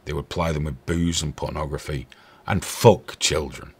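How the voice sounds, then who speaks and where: A man's voice: extremely low pitch, steady tone, normal speed, breathy edge. A man hosting a stream with angry, profane, sarcastic ranting commentary. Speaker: host.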